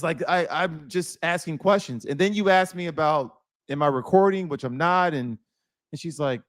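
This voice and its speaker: A man's voice: fairly high pitch, normal speed. A man, podcast co-host, casually telling a story and acting out both sides of a conversation. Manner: animated storyteller, acts out quoted dialogue.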